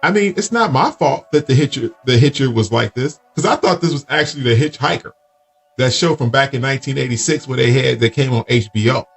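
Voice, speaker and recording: A man's voice: medium pitch, a little fast, vocal fry, husky, faint music behind. A man co-hosting a podcast in casual chat, rambling through stories and acting out both sides of each exchange. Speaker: podcast co-host.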